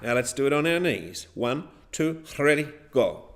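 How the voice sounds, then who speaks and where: A male teacher leads a classroom rhythm lesson. He talks at an unhurried pace, and his pitch rises and falls in a lively way as he counts in and chants along with the class. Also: very noisy. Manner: chanting counts and rhymes, guiding a class step by step.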